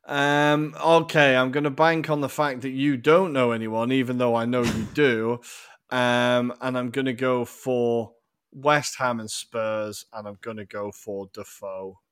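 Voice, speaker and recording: Young guy podcast cohost, chatty and sweary, middle pitch. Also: fairly even intonation, unhurried, a bit bright, clear, resonant tone. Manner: chatty, swears when stuck. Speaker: podcast co-host. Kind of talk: casual football podcast chat.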